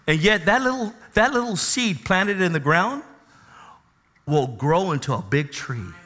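Male pastor, sermon, high animated voice, echoing church hall. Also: unhurried. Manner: preaching with call-and-response, acting out Bible figures.

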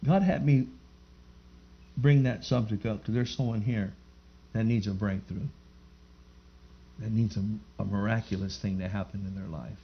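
A man's voice: lowish voice, fairly even intonation, moderate pace, pauses often, slight background noise. A man giving a fervent church testimony, telling his story and rising into emphatic praise before a live gathering. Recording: muffled lo-fi recording.

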